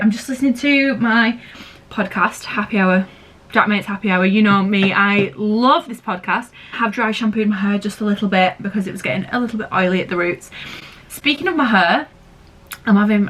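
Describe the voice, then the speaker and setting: A chatty woman vlogging at home, rambling along with plenty of "like" at a middling pitch. She sits a little away from the camera, and her voice carries a roomy echo with a faint hum of background noise. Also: a bit bright, far from the mic. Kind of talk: casual chat to camera. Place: at home indoors. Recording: roomy sound from off-mic.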